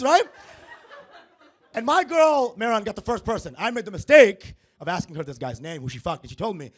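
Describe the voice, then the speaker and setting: Young male comic on stage, high voice that swings all over, crude crowd-work patter. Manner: animated, profane, quick asides to the audience. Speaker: stand-up comedian. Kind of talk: stand-up comedy set with crowd work. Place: comedy stage before a live audience.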